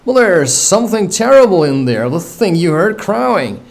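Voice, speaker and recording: A man's voice: fairly high pitch, sing-song, unhurried, pitched above the performer's own voice. A man reading a storybook aloud and voicing a terrified pirate who speaks in a hollow, shaken, almost gibbering way. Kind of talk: audiobook reading with character voices.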